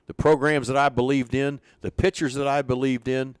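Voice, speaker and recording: A man's voice: mid-range voice, moderate pace, clear, resonant tone, no room sound. Older man telling baseball stories. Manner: animated storyteller, acts out quoted dialogue. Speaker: former pitching coach, interview guest. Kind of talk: storytelling in an interview.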